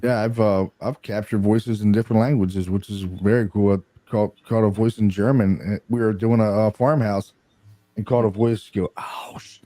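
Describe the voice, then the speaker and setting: A man's voice: lowish voice, fairly even intonation, normal speed, dark tone, dry recording, soft background music. A man, a guest paranormal investigator, chatting casually and swearing freely as he laughs through his stories. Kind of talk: casual chat.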